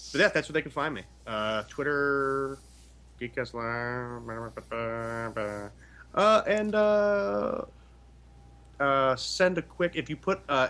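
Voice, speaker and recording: A man's voice: medium pitch, bright, forceful tone. Rambling, joking podcast guest man. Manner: rambling, jokey, lots of fillers. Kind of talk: casual chat.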